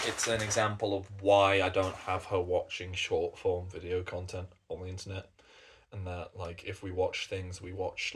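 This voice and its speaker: A man's voice: low voice, breathy edge. A British man chatting casually as a coffee reviewer, rambling along and swearing in passing. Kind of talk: casual chat.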